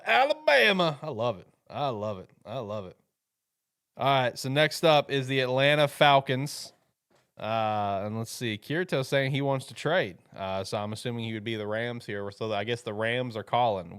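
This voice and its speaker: A man's voice: on the low side, moderate pace, fairly bright tone, clear, resonant tone, no room sound, clean studio sound. A man hosting a mock draft with playful banter and frequent laughter. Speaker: host running a mock draft. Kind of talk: casual joking chat.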